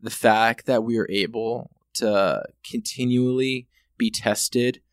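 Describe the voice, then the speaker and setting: A man's voice: mid-range voice, steady tone, slow, dry recording, studio quality. A man talking in casual podcast chat as a guest, heartfelt and rambling with many fillers.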